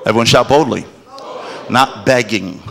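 A man preaching in a church with an everyday, middle-of-the-road pitch. He builds his points with emphasis and often breaks into loud exclamations. He slips into the voices of the characters he describes. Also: normal speed, vocal fry. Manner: emphatic, rising to shouts and exclamations; acts out quoted voices of God and churchgoers. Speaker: pastor. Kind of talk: sermon.

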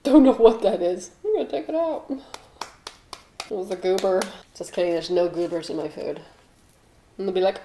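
The young woman's voice sits in the mid range with a dark tone, and she keeps a moderate pace broken by long pauses. She's doing a rambling comedy bit while baking in her home kitchen, with offbeat jokey asides and mock voices for quoted people. The room echoes, and there's faint noise.

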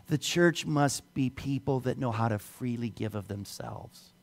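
A middle-aged man preaching a sermon as pastor, swinging between soft, low passages and loud, raised emphasis. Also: measured pace, creaky.

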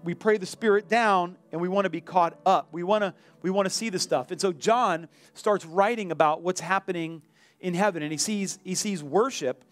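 A male pastor preaching a sermon in a church, animated, acting out the voices of the people in his story. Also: sits high, normal speed, soft background music. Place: church sanctuary.

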